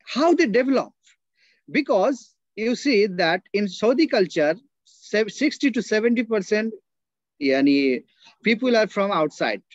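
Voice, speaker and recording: A high-voiced man with an Indian English accent leads an online workshop for teachers. The sound is dry and a little dull, like a lo-fi video call. He keeps checking in with his listeners as he explains. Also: very animated, measured pace, dry recording. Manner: explains with repeated checking tags like "right?" and "okay?". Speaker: workshop speaker, linguist. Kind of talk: online teacher-training talk.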